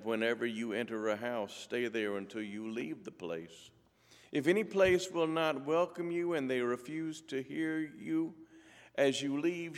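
A man reading scripture and giving a church talk in a measured way with dry humor. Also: medium pitch, in a large hall. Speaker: lay church speaker.

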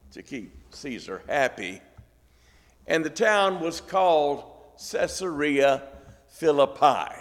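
A male preacher delivering a sermon at an unhurried pace, dropping in wry, folksy jokes. His voice sits at an ordinary middle pitch. It rings out with a long reverb, as in a large church. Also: expressive. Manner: folksy, joking asides.

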